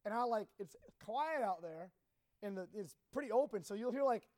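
A man speaking to a group, telling a personal story in a rambling, halting, emotional way. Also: sits high, expressive, a little mellow.

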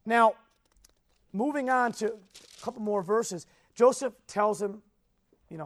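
A man preaching a sermon, telling a story with animated energy, questioning the audience and swinging between soft and loud. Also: sits high, unhurried.

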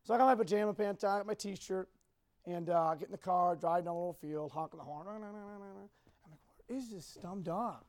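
A man speaking to a group, telling a personal story in a rambling, halting, emotional way. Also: sits high, darkish tone.

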